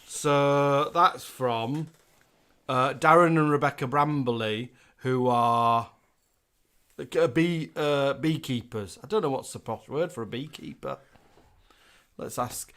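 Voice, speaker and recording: A man's voice: mid-range voice, takes it slowly, a bit bright. A man hosting a casual live stream, chatty and giggly as he reads out thank-yous. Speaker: host.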